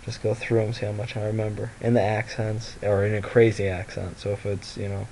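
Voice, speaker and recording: Tired young man with a gravelly voice. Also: fairly low pitch, little pitch movement, a little fast, a little mellow, a little hiss or hum, rough recording. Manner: rambling, lots of fillers and restarts. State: tired, sleepy voice. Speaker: vlogger. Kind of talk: casual confessional vlog. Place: at home by a mirror.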